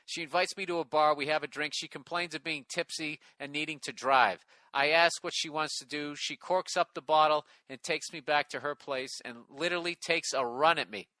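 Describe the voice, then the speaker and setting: A man's voice: on the high side, pushed and bright, dry recording. A middle-aged man hosting a casual comedy podcast, reading a listener email aloud with sarcastic, profane commentary.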